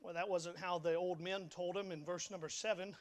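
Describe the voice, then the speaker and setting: High-voiced young man preaching. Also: steady tone, fairly quick. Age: young adult. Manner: stammering repeats, folksy, emphatic preaching. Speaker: pastor. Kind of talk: sermon. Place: church sanctuary.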